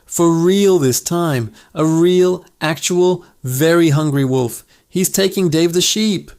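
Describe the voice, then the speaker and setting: A man's voice: medium pitch, steady tone, moderate pace, lightly acted. A man voicing a young prankster shepherd boy who screams in panic. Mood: terrified. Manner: frantic screaming.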